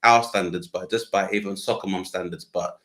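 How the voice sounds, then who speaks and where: Wry, lower-voiced man in casual banter. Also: steady tone, normal speed, a bit bright. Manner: wry, sarcastic, many fillers. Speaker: co-host.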